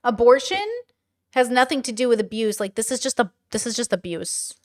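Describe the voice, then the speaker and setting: Brief: young woman reacting to a video, sarcastic and foul-mouthed, slightly high voice, dry close sound. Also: a little fast, no room sound. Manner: profane, sarcastic, blunt. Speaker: YouTube commentator. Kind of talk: reaction commentary.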